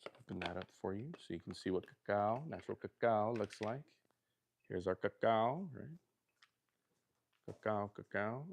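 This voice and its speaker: A man's voice: fairly low pitch, animated, normal speed, gravelly, breathy edge. A middle-aged man from Southern California chatting loosely and jokingly on a livestream from his home kitchen. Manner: loose, rambling and jokey. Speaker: livestream host. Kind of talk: casual livestream chat while cooking.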